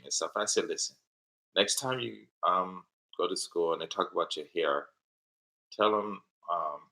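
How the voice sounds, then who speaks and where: A middle-aged man, a father and teacher, telling rambling, animated stories in casual chat and laughing at his own anecdotes. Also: deep voice, moderate pace, poor audio. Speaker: father, teacher living in Japan.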